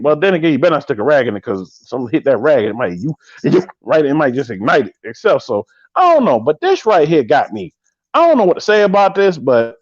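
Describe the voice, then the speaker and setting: A man in his thirties hosting a live podcast, riffing with animated, joking commentary and drawn-out exclamations. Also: fairly high pitch, no room sound, highs cut off. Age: 30s. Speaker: podcast host.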